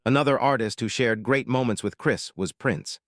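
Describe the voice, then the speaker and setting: A man reading scripted narration in an even, matter-of-fact way. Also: mid-range voice, moderate pace, very noisy.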